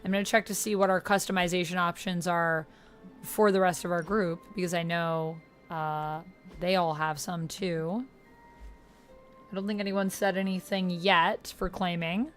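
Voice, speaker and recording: A woman's voice: fairly low pitch, steady tone, moderate pace, faint music behind. Woman streamer reading game menus aloud. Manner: reads menu options aloud, chats with viewers. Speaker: streamer playing a video game. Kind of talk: casual live-stream commentary.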